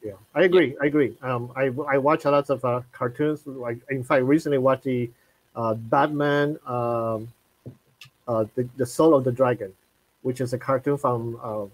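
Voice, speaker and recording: Halting male live-stream host, dry sound. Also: mid-range voice, fairly even intonation, no echo, rough recording. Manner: halting, many fillers and restarts.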